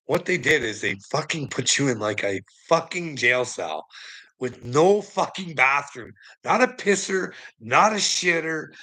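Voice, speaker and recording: Gravelly, profane man rambling through a story. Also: medium pitch, pushed and bright, poor audio. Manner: profane, rambling, laughs often. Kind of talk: casual storytelling monologue.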